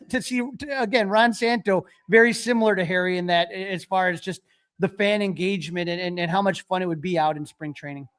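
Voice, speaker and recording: A man's voice: high-pitched, fairly even intonation, brisk, a bit bright. A man hosting a casual interview, eager and full of stammering restarts. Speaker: podcast host.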